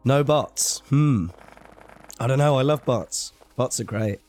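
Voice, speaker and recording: A man's voice: mid-range voice, slow pace, darkish tone, faint music behind. Rambling man streaming a game. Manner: rambling, self-deprecating chatter while playing. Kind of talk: casual live-stream commentary.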